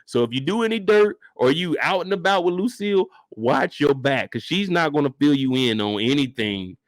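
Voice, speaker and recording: Man, comedic TV reaction rant, lively swooping voice, a bit high, dry close sound. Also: moderate pace, dry recording. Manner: animated, profane, laughing often. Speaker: show reaction host.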